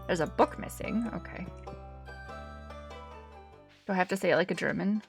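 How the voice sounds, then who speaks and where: A woman's voice: on the low side, moderate pace, gravelly, long pauses, faint music behind. A woman giving casual, chatty commentary while live-streaming a game, thinking aloud as she plays.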